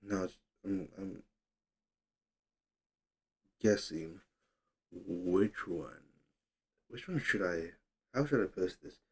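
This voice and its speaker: A man's voice: low-pitched, lively intonation, slow pace, creaky, pauses often, darkish tone, husky. A young man hosting a casual livestream, chatting loosely, reading comments aloud and fumbling with his setup. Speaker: livestream host.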